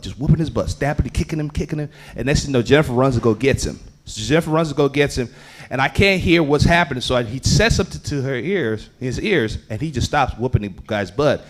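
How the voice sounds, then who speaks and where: A man telling a story on a comedy club stage, swinging between loud bursts and low asides. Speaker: stand-up comedian. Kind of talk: stand-up storytelling.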